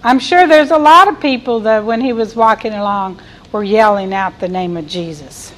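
A woman's voice: on the high side, normal speed, low-quality recording. A middle-aged woman preaching a sermon, reading scripture aloud and asking her listeners questions. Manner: reads scripture aloud and cries out quoted lines loudly.

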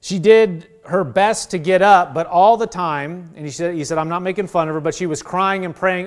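A man with a somewhat high voice preaches to a congregation. He reads passages aloud from a book and keeps breaking off to explain them in his own words. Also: moderate pace, few pauses. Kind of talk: sermon reading aloud from a book.

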